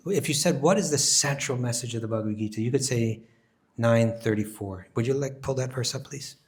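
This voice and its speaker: A man teaches a scripture class with a mid-pitched voice. He explains with animated emphasis and often restarts phrases while thinking aloud.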